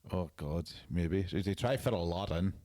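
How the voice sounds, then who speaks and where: A man's voice: sits low, moderate pace, dark tone. A man co-hosting a podcast, chatting casually about a film in a blunt way, swearing and laughing easily. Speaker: podcast co-host.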